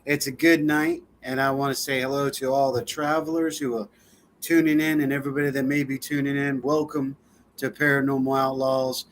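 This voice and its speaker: A man's voice: mid-range voice, flat delivery, brisk, slight background noise. A man co-hosting a live-stream talk show, chatting casually with a loose, laughing, filler-heavy delivery. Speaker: co-host.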